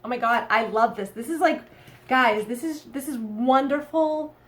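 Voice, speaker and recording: A woman's voice: fairly high pitch, moderate pace, fairly bright tone. A woman with a Boston accent giving a chatty, rambling tarot reading to camera, often checking in with "okay?". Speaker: tarot reader.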